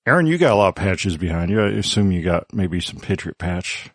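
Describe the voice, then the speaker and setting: A man hosting a casual podcast panel, reading sponsor lines quickly and joking with guests. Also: low voice, sing-song, no room sound. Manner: brisk, joking, reads ad copy quickly. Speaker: podcast host.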